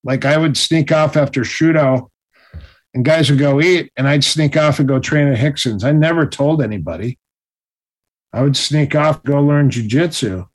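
A man telling stories in a casual interview, animated and acting out the other people's voices. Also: a little high, normal speed. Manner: animated, acts out quoted voices. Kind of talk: casual storytelling.

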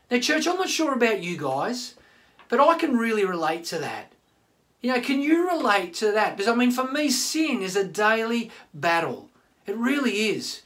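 Chatty pastor in his fifties. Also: extremely high pitch. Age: 50s. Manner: chatty, animated, addresses listeners directly. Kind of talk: online sermon.

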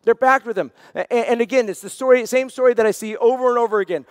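A man's voice: extremely high pitch, fast talker, clear, resonant tone, no echo, clean studio sound, long reverb tail. A man preaching a sermon as senior pastor, earnest and repeating phrases for emphasis.

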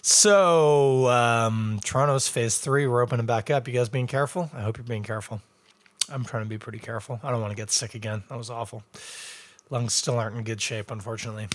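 Man, middle pitch, casual livestream chat, rambling, joking asides. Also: fairly even intonation, fairly quick. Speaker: beer reviewer.

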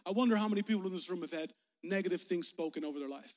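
A man's voice: high voice, very fast. A man, a youth pastor, preaching a personal, conversational sermon, candid and emotional, talking straight to the crowd. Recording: long hall reverb.

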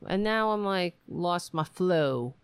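A woman's voice: fairly low pitch, expressive, slow, clean tone, no room sound. A woman hosting her livestream from home, frustrated and rambling, with sighs and swearing. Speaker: show host. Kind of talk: casual livestream chat. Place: home room.

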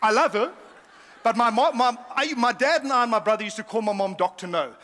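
A man's voice: extremely high pitch, quick pace, long reverb tail. A middle-aged man preaching a humorous sermon, telling stories with laughs and asides. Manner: lively storytelling with laughs and asides. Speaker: pastor.

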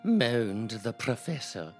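A prim, plummy old English dame as a comedian puts her on reads out fan fiction in a slow, deadpan drawl. The husky voice rises and dips widely, with faint music playing behind. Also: mid-range voice, full character voice. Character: posh elderly English actress, prim and genteel. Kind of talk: deadpan comic reading.

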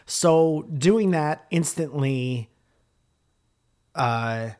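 A young adult man, a comic and podcast co-host, telling stories in casual chat with a teasing, profane, animated manner. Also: fairly high pitch, drawn-out words.

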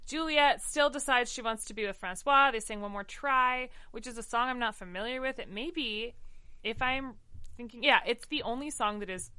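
A woman's voice: fairly high pitch, normal speed, sharp tone, clean tone, no echo. A woman co-hosting a casual chat, recapping a musical with lots of fillers and enthusiasm. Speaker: podcast co-host.

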